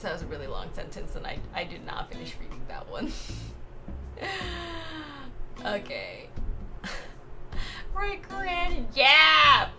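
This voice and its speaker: A young woman streamer reading chat aloud in a casual, playful way, laughing often and exclaiming loudly when excited. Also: mid-range voice, slow, pauses often. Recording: music playing behind.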